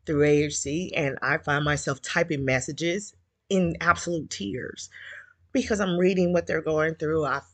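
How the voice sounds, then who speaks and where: A woman's voice: low-pitched, fairly even intonation, unhurried, fairly bright tone, no echo. A woman hosting a casual chat with listeners, speaking candidly and emotionally, a little teary, with many fillers. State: slightly teary. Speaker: community group host.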